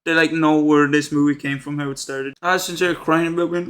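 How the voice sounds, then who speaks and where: A young man rattling through a horror movie scene by scene, cracking crude, slangy jokes along the way. His voice runs high and bright, loose and conversational throughout. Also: flat delivery, fairly quick, few pauses. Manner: slangy, crude, joking asides. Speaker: movie recap commentator. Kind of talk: casual comedic movie commentary.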